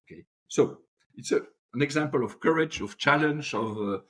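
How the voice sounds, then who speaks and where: An older man, a podcast guest telling animated stories with many restarts. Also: mid-range voice, normal speed, slight background noise. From Europe. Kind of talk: anecdotal storytelling.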